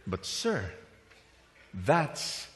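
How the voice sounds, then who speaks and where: A man voicing a polite, baffled waiter who answers quietly and deferentially. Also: mid-range voice, wildly swooping pitch, drawn-out words, heavily acted. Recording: reverberant hall.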